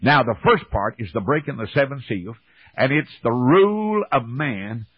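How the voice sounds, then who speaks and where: A man's voice: mid-range voice, lively intonation, moderate pace, breathy edge, dry recording. A man preaching a fervent revival sermon, calling for amens in folksy speech. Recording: dull old radio broadcast.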